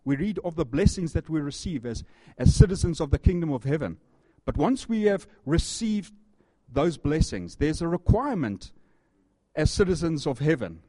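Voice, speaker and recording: Man, pastor, sermon, earnest repetition, scripture reading, mellow dark voice, dry sound. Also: fairly high pitch, sing-song, moderate pace, dry recording. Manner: earnest preaching with repeated phrases and questions; reads scripture aloud to the congregation.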